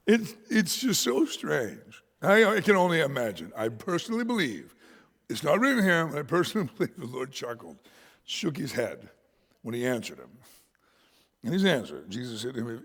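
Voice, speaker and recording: A male pastor preaching a sermon, swinging from shouts to whispers and laughing often. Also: a little high, wildly swooping pitch, normal speed, gravelly, slightly rough, big-room sound. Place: church sanctuary.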